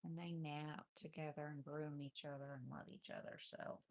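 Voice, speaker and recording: A woman's voice: low-pitched, steady tone, normal speed. A woman hosting a cozy crochet live stream at home, chatting casually and cooing to her cats in baby talk. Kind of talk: relaxed live-stream chat. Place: home craft corner with cats.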